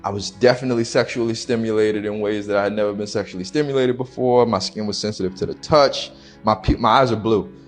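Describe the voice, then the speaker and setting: A young man, an interview guest, telling a personal story slowly and haltingly in casual slang. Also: on the low side, steady tone, faint music behind.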